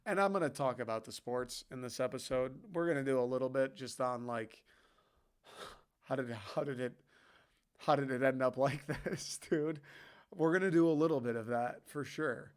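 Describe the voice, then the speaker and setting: Rambling young man, smooth voice. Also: mid-range voice, moderate pace. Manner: rambling, loose and profane. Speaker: podcast host. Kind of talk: casual solo podcast talk.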